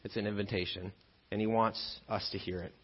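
A man's voice: on the low side, brisk, slightly rough, in a large hall. Pastor man preaching, dull lo-fi sound. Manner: animated, joking storyteller who acts out scenes. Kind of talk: sermon with personal storytelling. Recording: dull lo-fi sermon recording.

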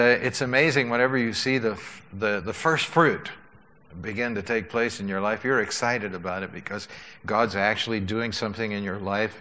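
A man preaching a sermon as pastor, in an unhurried, earnest way with frequent filler sounds and restarts. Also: lowish voice, pushed and bright.

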